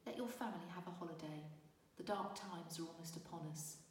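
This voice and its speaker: A woman's voice: lowish voice, brisk, slight background noise, close to an everyday voice. A woman voicing a grave male elfin king who speaks solemnly and urgently, recorded from a distance in a reverberant room.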